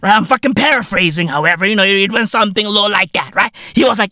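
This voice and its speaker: A South African man hosting a podcast, ranting comically with profanity, repeating himself in loud disbelief. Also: high voice, quick pace, dry recording. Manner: loud, incredulous, repeats himself, swears constantly. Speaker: podcast host. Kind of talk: profane comedic rant.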